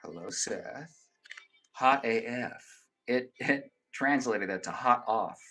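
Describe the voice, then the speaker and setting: A man's voice: medium pitch, animated, slow pace, sharp tone. Joking, profane male livestreamer. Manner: joking, profane banter with viewers; reads viewer comments aloud. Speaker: live streamer. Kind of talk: casual livestream chat.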